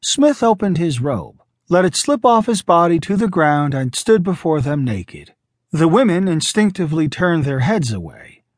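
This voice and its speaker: A man narrating a science fiction audiobook in a measured, unhurried reading. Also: on the high side, no room sound, studio quality. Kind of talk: scripted narration.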